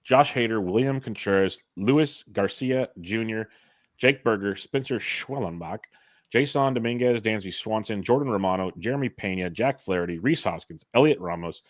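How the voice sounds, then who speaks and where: A man's voice: fairly low pitch, normal speed, no echo, clean studio sound. A man talking fantasy picks in an easygoing, jokey podcast chat. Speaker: guest analyst.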